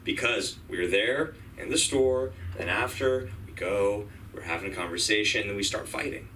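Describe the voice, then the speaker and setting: Bright-voiced comedian in his thirties. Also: fairly low pitch, normal speed. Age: 30s. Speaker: stand-up comedian. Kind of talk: stand-up set at an open mic. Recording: distant room mic with faint hum.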